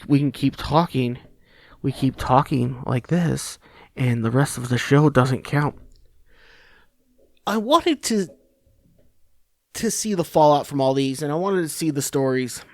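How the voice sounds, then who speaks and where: A man's voice: medium pitch, darkish tone, no echo. A man hosting a podcast, giving rambling, sarcastic political commentary full of swearing and restarts. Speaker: podcast host.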